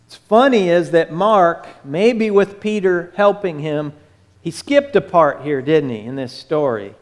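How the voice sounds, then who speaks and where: A pastor preaching in a church, his voice sitting high for a man and ringing out with a long reverb around the hall. He tells the story in an animated way, stepping into the voices of the people in it as he goes. The room's echo trails after each phrase. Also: takes it slowly. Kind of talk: sermon.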